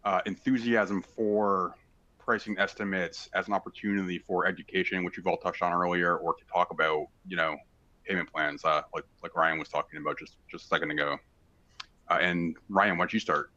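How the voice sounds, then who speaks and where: Brief: male moderator, very deep voice with a bright sharp edge, halting delivery. Dull lo-fi recording. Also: fairly even intonation. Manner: halting, repeats words. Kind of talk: moderating a panel discussion. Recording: dull lo-fi audio.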